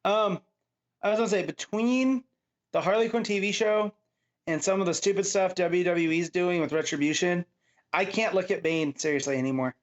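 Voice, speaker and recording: A man's voice: high voice, normal speed. A man co-hosting a comics review podcast, chatting and joking in a casual way. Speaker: podcast co-host.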